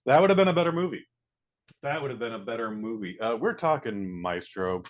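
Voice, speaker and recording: Speaking at medium pitch, this man reviews a film in a laid-back, profane, no-nonsense way. He stays animated throughout, performing scenes with rapid impressions of the characters.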